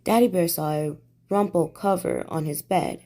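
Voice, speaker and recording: A woman reading a bedtime storybook aloud in a gentle, soothing way. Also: on the low side, normal speed.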